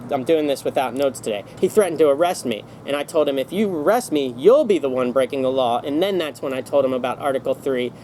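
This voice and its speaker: A man's voice: mid-range voice, lively intonation, quick pace, hardly any pauses, darkish tone, slight background noise, rough recording. A man vlogging in a casual storytelling monologue, rambling along with many restarts and self-corrections.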